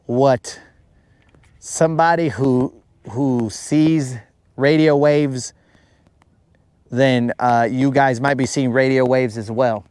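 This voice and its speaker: Man from the united states, fishing livestream host, casual rambling chat, joking, slightly high voice, dry close sound. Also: no room sound. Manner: rambling, joking, drawn-out teasing. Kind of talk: casual chat reading live comments.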